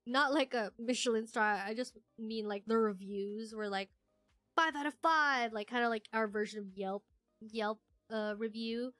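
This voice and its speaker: Giggly, rambling woman streamer with a bright voice, quiet music underneath. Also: fairly high pitch, steady tone, moderate pace, no echo. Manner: giggly, rambling with many fillers. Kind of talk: casual livestream chat, reading chat aloud.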